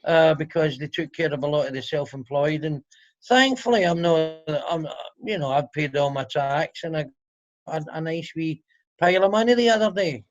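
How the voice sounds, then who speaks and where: On a muffled recording, a Scottish comedian with a Glaswegian accent talks at a moderate pace in a fairly high voice. He's a guest in a casual interview chat over video call, sarcastic and freely swearing.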